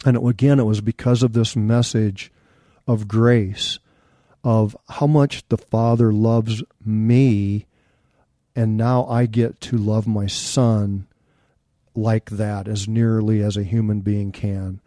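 A man's voice: lowish voice, steady tone, slow pace, dark tone, dry recording, clean studio sound. A middle-aged man, an interview guest, telling a personal story in an earnest, candid and reflective way.

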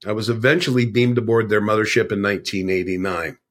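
An older man appears as a podcast guest and tells a long personal story, earnest and rambling, with plenty of fillers. He speaks fast in a lowish voice with a steady tone.

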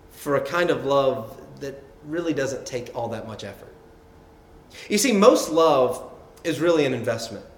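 Echoey preaching man, conversational. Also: on the high side. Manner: conversational preaching with repeated words and tags like "right?". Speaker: pastor. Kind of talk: sermon.

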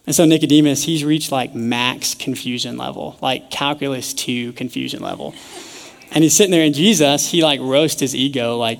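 A young man preaching a sermon in a casual, joking storytelling way with lively asides. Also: medium pitch, normal speed, vocal fry. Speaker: pastor teaching a sermon series. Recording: echoey church hall.

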